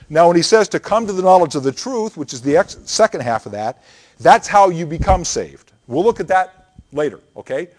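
A man's voice: a little high, darkish tone. A man preaching a sermon, earnest and emphatic, building points through repeated phrases and reading scripture aloud. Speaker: pastor.

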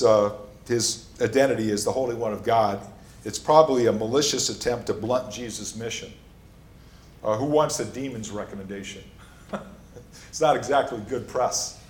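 A man's voice: on the low side, a little mellow. Emphatic male pastor preaching in an echoey room. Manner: emphatic teaching, repeats key points. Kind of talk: sermon.

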